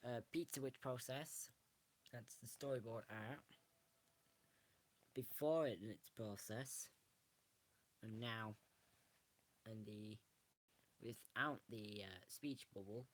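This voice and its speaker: A man's voice: medium pitch, fairly bright tone. A man, casually showing a book on camera and rambling through it with frequent restarts. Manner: rambling, restarts often, self-correcting. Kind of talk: casual show-and-tell.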